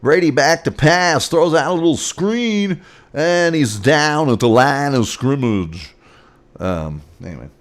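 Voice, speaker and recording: A man's voice: on the high side, lively intonation, unhurried. A man hosting a casual sports show, rambling through scores with sarcastic asides. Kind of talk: casual sports commentary and rants.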